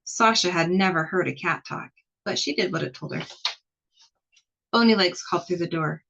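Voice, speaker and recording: A woman with a husky, fairly low voice reads a children's picture book aloud. She tells it slowly and expressively, leaning into the scary parts. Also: muffled recording. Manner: expressive, slow storytelling. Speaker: storybook reader.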